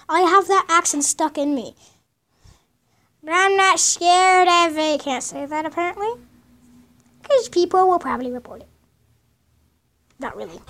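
A woman's voice: very high voice, animated, unhurried, long pauses, a bit bright. A woman playing a horror game and commentating casually, rambling and nervous as she goes. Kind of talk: casual let's-play commentary.

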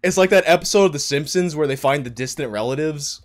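A man's voice: a little high, fast talker. A man chatting casually while playing a game on stream, often trailing off mid-thought. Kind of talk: casual chat while gaming.

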